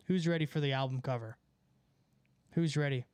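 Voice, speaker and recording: A young man rambling excitedly to his chat during a casual livestream, profane and full of filler words. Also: medium pitch, normal speed, long pauses, smooth, no echo. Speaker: musician streaming to chat.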